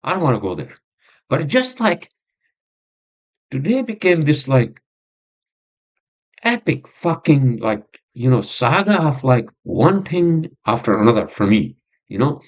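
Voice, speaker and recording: A podcast host vents in a rambling, agitated monologue packed with swearing and fillers, clearly frustrated. His mid-range voice is very animated but keeps a measured pace with long pauses, and the recording has a dull lo-fi sound.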